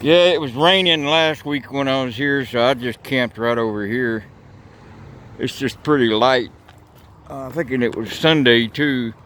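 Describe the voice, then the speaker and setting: Speaking at medium pitch and a little slowly, this man narrates a casual outdoor vlog beside railroad tracks, folksy, rambling and casually profane. His tone is fairly bright, and the handheld camera mic picks up a little hiss or hum.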